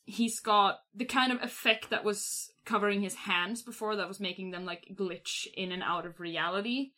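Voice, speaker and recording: A woman's voice: medium pitch, normal speed, bright, forceful tone. A woman playing a tabletop role-playing game, describing her character's actions in vivid detail with frequent fillers.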